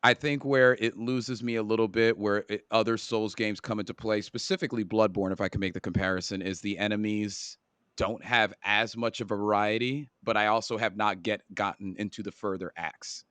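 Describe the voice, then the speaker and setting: A man co-hosts a casual gaming podcast in a low voice. He rambles and restarts his sentences, tripping over words as he goes. The sound is dry and close. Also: steady tone, normal speed, a bit bright, clean tone, no room sound. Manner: rambling, self-correcting, stumbles over words. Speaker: podcast co-host. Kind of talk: casual chat.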